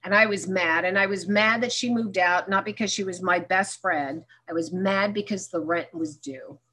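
A woman at a recovery meeting tells her story plainly, acting out remembered lines with humor aimed at herself. She speaks at normal speed with a medium pitch and a bright, forceful tone.

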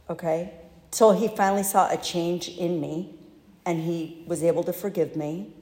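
A woman telling her own recovery story in a candid, halting, self-deprecating way, recorded in a large hall. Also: on the low side, dark tone. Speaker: speaker sharing recovery story. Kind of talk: personal testimony talk. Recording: echoey hall.

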